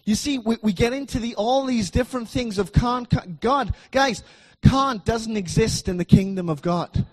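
A middle-aged man preaching a sermon in a church, emphatic and repetitive, swinging between loud declarations and soft asides. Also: extremely high pitch, moderate pace, husky.

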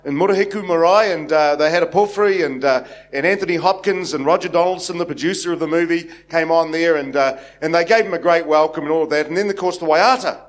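Brief: New Zealand male pastor, slightly raised pitch, loose anecdotal sermon delivery with plenty of "uh" and restarts. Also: quick pace, few pauses. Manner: rambling, anecdotal, many restarts and fillers. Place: church hall with congregation.

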